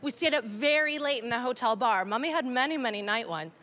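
A Canadian woman in her thirties telling a stand-up story, animated and self-mocking, swinging between dry asides and excited outbursts. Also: fairly high pitch, brisk, noisy background. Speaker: stand-up comedian.

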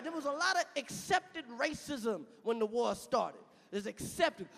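High-voiced profane stand-up comic man. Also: unhurried, creaky, few pauses. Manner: profane, animated, shouts punchlines. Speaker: stand-up comedian. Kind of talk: live stand-up routine. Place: stage in a large hall. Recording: live venue with reverb and audience.

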